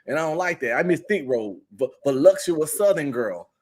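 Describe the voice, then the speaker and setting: Man, podcast guest, slangy casual chat, joking, laughs a lot, somewhat high voice. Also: expressive, brisk, darkish tone.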